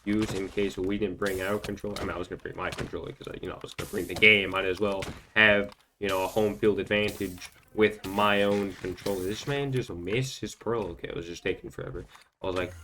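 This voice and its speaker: Brief: young male gaming host, lowish voice, casual storytelling that rambles and stumbles, a faint hiss behind. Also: fairly even intonation, brisk, sharp tone. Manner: rambling, filler-heavy, stumbling repeats. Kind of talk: storytime commentary over gameplay.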